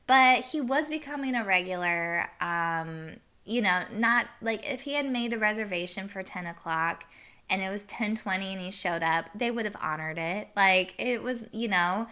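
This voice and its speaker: A woman's voice: medium pitch, normal speed, bright, forceful tone, clean tone. A woman hosting a podcast, telling a story in a casual, chatty way with laughs and plenty of fillers. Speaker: podcast host.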